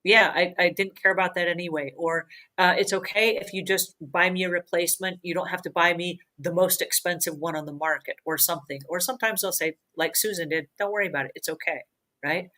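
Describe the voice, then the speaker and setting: A woman's voice: lowish voice, fairly quick, poor audio. A woman hosting a cleaning advice show, talking in an earnest, emphatic way and often repeating herself for stress. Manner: emphatic, repetitive, earnest and animated. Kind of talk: conversational advice talk.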